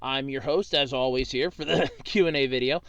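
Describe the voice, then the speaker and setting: A man chats casually as host of a viewer Q&A, wandering through his answers with plenty of fillers and false starts. His voice is bright and crisp, a little stuffy from allergies, and recorded dry and close. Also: medium pitch, a little fast, no echo, lo-fi sound. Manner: rambling, with many fillers and restarts. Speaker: host of a monthly Q&A video.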